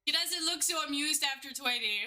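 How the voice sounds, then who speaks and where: Young woman streamer, high bright voice, slow unhurried talk, giggly, breathless. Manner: giggly, swears casually, reacts to chat. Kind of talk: casual live-stream chat.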